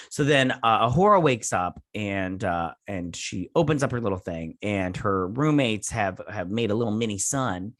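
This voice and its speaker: A man's voice: lowish voice, expressive, normal speed, hardly any pauses, fairly bright tone, no room sound, studio quality. Rambling man recapping a TV episode. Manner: rambling, hesitant, lots of filler words and restarts; slips into playful voices for quoted characters. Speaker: TV episode reviewer, host. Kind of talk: casual plot recap.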